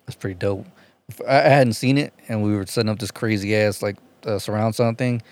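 A man's voice: on the low side, fairly even intonation, brisk, darkish tone, no room sound. A man in a casual chat with friends, laid-back and profane, often restarting his sentences.

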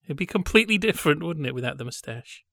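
Guy on a podcast rambling wryly, slightly higher voice, dead dry sound. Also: lively intonation, fast, creaky, sharp tone, no room sound. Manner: wry, digressive storyteller. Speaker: podcast co-host. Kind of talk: casual chat about old British TV.

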